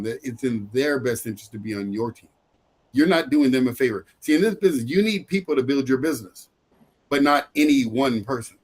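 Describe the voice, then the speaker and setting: A middle-aged man giving a motivational sales training talk, emphatic and repetitive, often breaking into laughter. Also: mid-range voice.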